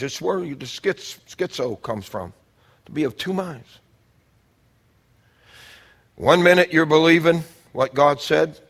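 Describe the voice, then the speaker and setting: A man preaching a sermon, building to shouted exhortations and stretching out repeated phrases. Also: mid-range voice.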